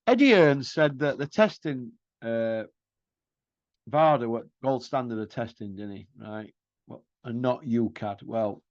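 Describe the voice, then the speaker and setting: A man's voice: medium pitch, dry recording. Combative man ranting. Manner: mocking, combative, full of rhetorical questions. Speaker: boxing commentary host. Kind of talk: ranting opinion monologue. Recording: dull lo-fi dry sound.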